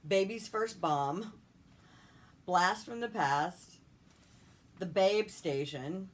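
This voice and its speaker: A woman's voice: on the low side, lively intonation, extremely slow. A woman co-hosting a podcast in casual chat, laid-back and matter-of-fact. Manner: laid-back, lists items matter-of-factly. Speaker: podcast co-host and author.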